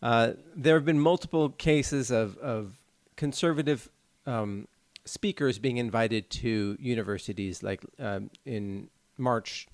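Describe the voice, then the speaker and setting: A man's voice: fairly low pitch, no echo. A man co-hosting a podcast in casual chat, earnestly explaining things at length. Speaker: podcast co-host.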